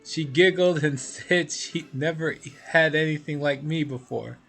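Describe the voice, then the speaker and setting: A man's voice: a little high, a little slow, creaky, fairly bright tone, faint music behind, full character voice. A man voicing a whiny, petulant female demon queen from a video game, read in a mostly plain voice.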